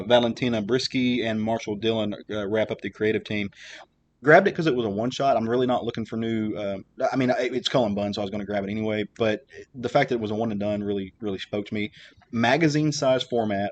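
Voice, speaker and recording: A podcast host chats casually, rambling with lots of fillers and restarts. His voice is medium in pitch with a darkish tone.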